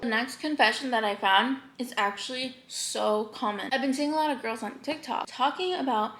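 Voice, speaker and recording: A young woman chatting bubbly and fast in a mukbang vlog, laughing often and reading confessions aloud. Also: on the high side, a bit bright. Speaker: YouTuber. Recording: echoey room.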